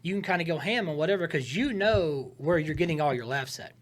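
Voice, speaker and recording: A man in casual podcast talk, coaching comedy writing in an emphatic, animated way, shifting his tone for effect. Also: on the high side, brisk. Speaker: comedian giving writing advice.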